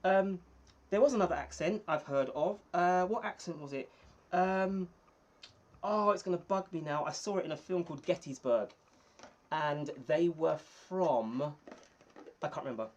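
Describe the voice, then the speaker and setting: A man's voice: a little high, moderate pace, darkish tone, muffled recording. Friendly man chatting on a livestream. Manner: chatty and friendly, thanks viewers by name. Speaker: small YouTuber hosting a livestream. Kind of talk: casual live-stream chat reading viewer comments. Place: indoors under bright lights.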